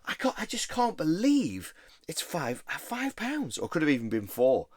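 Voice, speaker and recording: A man imitating his friend as an excited young man gushing over a bargain in a high, squeaky voice. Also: normal speed, dry recording, studio quality. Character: excited young male record-shop mate.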